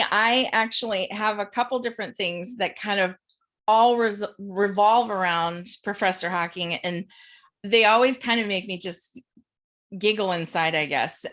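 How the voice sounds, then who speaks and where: A woman on a video call telling funny stories in a chatty, animated way, laughing along as she talks. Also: medium pitch, moderate pace. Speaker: panel participant. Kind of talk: casual storytelling on a video call.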